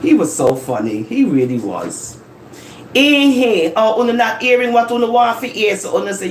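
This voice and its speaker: A live-stream host, chatting casually from home into a phone, animated and laughing as they tease and tell stories. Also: mid-range voice, moderate pace, a little hiss or hum. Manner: animated, laughing, teasing rants and storytelling. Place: home living room. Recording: echoey room with faint ambience.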